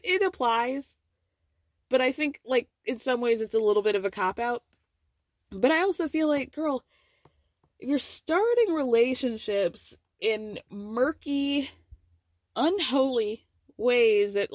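A woman's voice: a little high, no room sound. Sassy woman with a dry close sound. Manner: sassy, animated, swears freely and laughs often. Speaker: podcast host. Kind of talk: casual pop culture recap.

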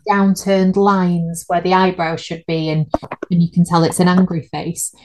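A woman's voice: lowish voice, little pitch movement, moderate pace, noisy background. A woman, co-hosting a podcast in casual chat and laughing at her own slips. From United Kingdom. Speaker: podcast co-host.

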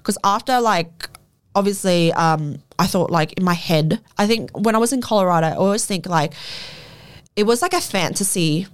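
A woman's voice: lowish voice, lively intonation, moderate pace, smooth. A woman with an Australian accent, talking casually as an interview guest. She tells her story candidly, swears freely and keeps dropping "like" into her sentences.

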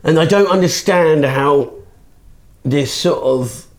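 Man, comedian guest, casual podcast chat, animated storytelling, swears freely. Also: fairly high pitch. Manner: animated, swearing, quick asides.

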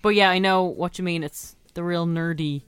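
Frank Irish woman co-host, lowish voice. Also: steady tone, normal speed, clear, resonant tone, no room sound. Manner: frank, opinionated, chatty. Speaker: radio co-host. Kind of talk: casual chat.

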